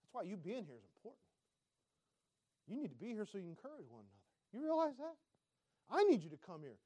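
A male pastor preaching a sermon, swinging between loud emphatic lines and quiet asides and asking the congregation direct questions. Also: high voice, sing-song, fast talker, dry recording.

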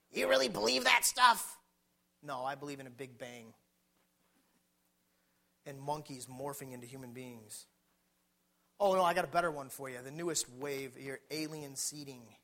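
A man preaching a sermon with fervor, putting questions to his listeners and swinging between hushed, low passages and shouted ones. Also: normal speed.

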